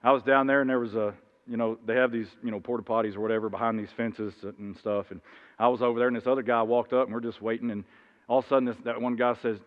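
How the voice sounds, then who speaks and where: A man's voice: medium pitch, lively intonation, fast talker. A man preaching an informal sermon, rambling through anecdotes with many restarts and acting out the voices in his stories. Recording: dull lo-fi sound, long hall reverb.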